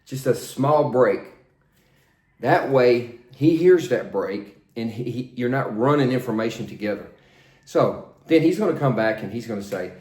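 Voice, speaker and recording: An older man working as a flight instructor, coaching in a plain, steady, repetitive way. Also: medium pitch, moderate pace. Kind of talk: spoken instruction, demonstrating radio calls. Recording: roomy echo.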